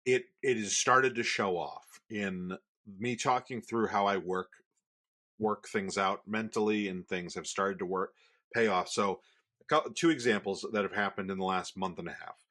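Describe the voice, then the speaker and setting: Man, thirties, bright forceful tone, lowish voice, rambling podcast chat. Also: normal speed. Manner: rambling, many restarts. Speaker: podcast co-host. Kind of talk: casual chat.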